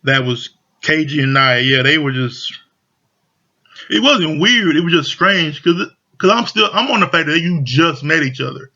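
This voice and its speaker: A man's voice: a little high, lively intonation, normal speed, bright, forceful tone. A man casually recapping a reality show, talking loosely with lots of slang and fillers. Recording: dull lo-fi audio.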